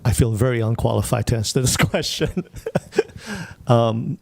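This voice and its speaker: Modest man with a gravelly voice. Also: mid-range voice, normal speed, darkish tone, slight background noise. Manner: modest, hesitant. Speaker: panelist. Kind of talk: panel discussion remarks.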